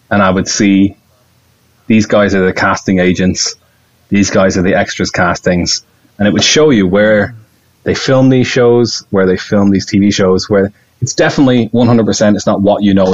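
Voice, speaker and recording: Rambling, excitable male podcast guest with a low voice; recorded on dull, lo-fi audio. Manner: excitable, rambling, laughs often. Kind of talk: casual podcast chat.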